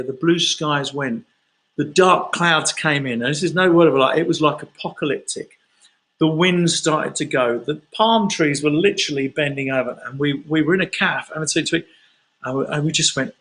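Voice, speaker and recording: A man's voice: on the high side, moderate pace, a bit bright, poor audio. A man from London, a singer chatting casually through fan questions on a livestream and telling rambling stories.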